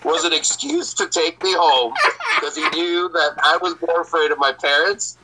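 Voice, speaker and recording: A man's voice: on the high side, animated, moderate pace, background noise. A man telling a personal story casually as a podcast host, swearing often and laughing.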